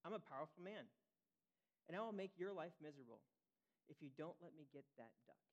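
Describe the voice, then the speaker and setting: A man's voice: on the high side, expressive, a little fast, big-room sound, dull audio, natural voice. A man voicing a wealthy, blustering judge in a told parable. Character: wealthy, pompous male judge.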